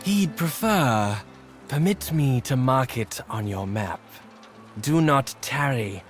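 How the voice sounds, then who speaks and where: A man's voice: medium pitch, expressive, slow, faint music behind. An actor playing a formal male messenger in a video game, ceremonious and urgent.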